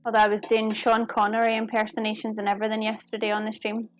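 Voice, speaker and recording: A woman's voice: medium pitch, monotone, quick pace, soft background music. A woman from the UK chatting casually with viewers while cooking in a kitchen, giggling often. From United Kingdom. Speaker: cooking streamer. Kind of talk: casual live-stream chat while cooking. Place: home kitchen.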